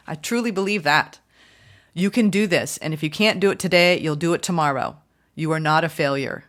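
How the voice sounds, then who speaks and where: Low-voiced upbeat woman tarot reader. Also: a little fast. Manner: chatty, upbeat, gushing with excitement. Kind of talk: tarot reading for viewers.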